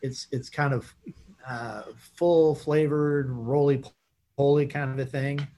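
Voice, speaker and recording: A man's voice: medium pitch, fairly even intonation, takes it slowly, warm tone. A man co-hosting a podcast in casual chat who laughs often and drops into playful put-on voices.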